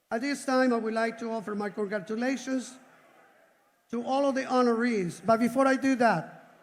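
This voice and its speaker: A man hosting an awards ceremony, effusively thanking sponsors and calling out names to a live audience. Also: high voice. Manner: effusive, warm thanks and roll calls of names. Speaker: event organizer and host. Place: large indoor event hall. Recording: long reverb of a large event hall.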